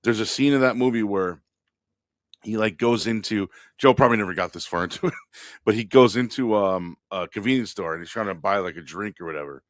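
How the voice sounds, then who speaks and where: A man's voice: on the low side, fairly quick, no echo, clean studio sound. A man co-hosting a comedy podcast, telling a workplace story in casual chat, swearing freely and laughing at his own punchlines. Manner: profane, animated, laughs while telling stories. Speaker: podcast co-host.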